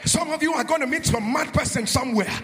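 A man preaching a charismatic sermon, shouting in a sing-song cadence, leading the congregation in repeated calls and speaking in tongues, with frequent "uh" between phrases. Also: very high voice, fast talker.

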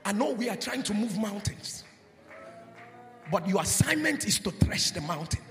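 A man preaching a charismatic sermon on a handheld microphone in a church hall, in a sing-song cadence that swings into shouting, and leading the congregation in call-and-response. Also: high-pitched, very animated, moderate pace. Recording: long hall reverb with music behind.

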